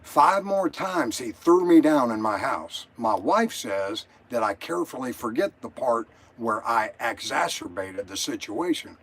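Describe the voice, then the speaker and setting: A man's voice: mid-range voice, big pitch swings, a little slow, hardly any pauses, fairly bright tone, husky. An older man calling in to a show, telling his story in an agitated, rambling way and swearing often. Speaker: caller. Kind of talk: emotional call-in story.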